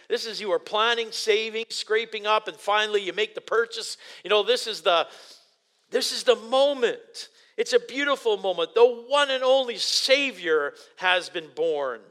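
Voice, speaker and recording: A man preaching a sermon, reading scripture and explaining it in an animated, excitable way, with frequent restarts and sudden loud exclamations. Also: high-pitched.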